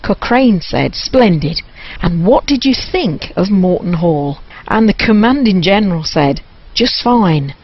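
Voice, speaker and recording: A woman telling a local history story and reading passages aloud from a book, with a gentle, amused manner. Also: on the low side, expressive, measured pace, husky. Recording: muffled lo-fi radio recording.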